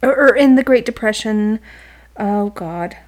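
Woman, thirties, podcast co-host, casual chat, animated, self-mocking storyteller. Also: medium pitch, measured pace.

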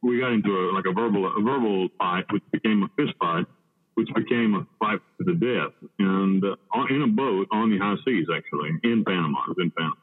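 A man from the United States telling a story in blunt, profane talk, halting with many restarts. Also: low voice. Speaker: podcast guest. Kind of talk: casual storytelling. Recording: tinny phone-like line with long reverb.

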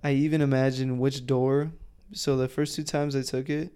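Man, podcast co-host, casual profane storytelling, mellow, smooth voice. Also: mid-range voice, moderate pace. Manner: profane, animated storyteller who acts out quotes loudly.

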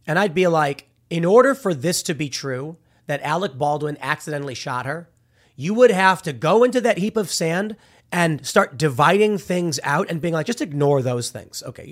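A man with a slightly high-pitched voice talks in casual opinion commentary. He is animated and argumentative, and he keeps dropping slang as he makes his case.

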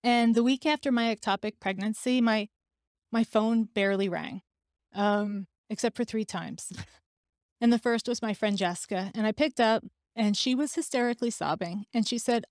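A woman's voice: fairly high pitch, moderate pace, darkish tone, no echo, studio quality. A woman, hosting a podcast and telling a personal story in a candid, conversational way. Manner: candid, conversational, laughs now and then. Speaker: podcast host.

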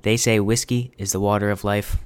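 A man in his twenties from New England hosts a podcast intro, upbeat and self-deprecating. His voice sits a little low and sounds smooth and clear. He talks in a loose, chatty way. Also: level tone, a little fast. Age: 20s. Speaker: podcast host.

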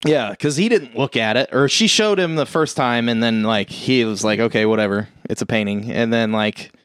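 A man recaps a horror movie in loose, rambling chat, peppering it with profanity and little acted-out lines from the characters. His voice sits at an ordinary middle pitch. The sound is dry and close. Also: normal speed, a bit bright, clear, resonant tone, dry recording. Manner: profane, rambling, acts out quotes. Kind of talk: casual chat, retelling a movie.

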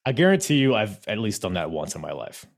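Low, lively-voiced man hosting a podcast. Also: gravelly. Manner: halting, many fillers and restarts, laughs easily. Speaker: podcast host. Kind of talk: casual wrestling chat.

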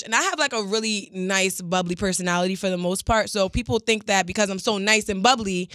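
A young woman hosts a casual podcast chat, her bright, forward voice racing through a story. She acts out the people in it with quick impressions and swears freely. The sound is close and dry. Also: mid-range voice, no room sound. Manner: animated storytelling, mimics coworkers, swears freely. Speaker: podcast host and producer.

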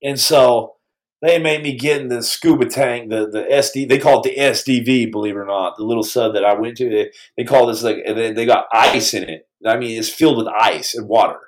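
A man telling a story on his podcast in a casual, animated way, stumbling over restarts and acting out the quotes. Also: medium pitch, a little fast, poor audio.

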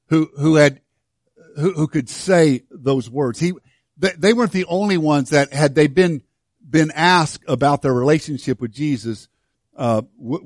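A man preaching a sermon to his church, swinging from hushed, slow lines to loud, fervent ones. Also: a little high, no room sound, studio quality. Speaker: pastor.

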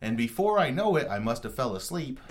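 A man's voice: medium pitch, very animated, a little fast, slight background noise. A young adult man telling a story in casual podcast chat, rambling, profane and self-mocking. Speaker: podcast co-host.

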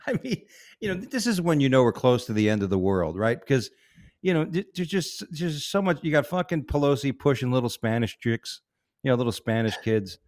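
A man's voice: mid-range voice, big pitch swings, normal speed, pauses often, darkish tone, no echo, clean studio sound. A married man co-hosting a podcast, reading news stories in a loose, profane, joking way. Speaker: podcast co-host. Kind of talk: casual crude news chat.

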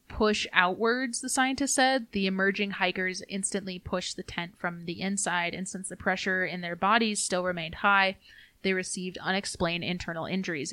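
A woman co-hosting a podcast, reading research notes in a steady, casual way and stumbling over foreign names. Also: on the low side, dry recording. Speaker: podcast co-host.

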